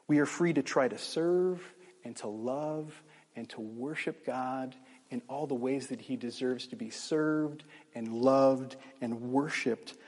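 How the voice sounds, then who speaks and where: A man's voice: mid-range voice, darkish tone, breathy edge, long reverb tail. A middle-aged man preaching earnestly as a pastor, restarting phrases, then closing in prayer. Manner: earnest, emphatic, with frequent restarts and fillers.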